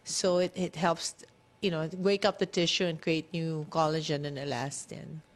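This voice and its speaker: A woman's voice: sits low, level tone, moderate pace. A woman who works as a skin doctor, explaining treatments plainly in a casual radio chat.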